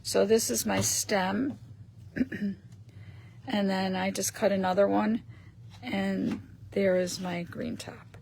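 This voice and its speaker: A woman hosting a live stream, chatting casually as she shows paper craft pieces and often clears her throat. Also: medium pitch, steady tone, takes it slowly, pauses often, darkish tone, slight background noise.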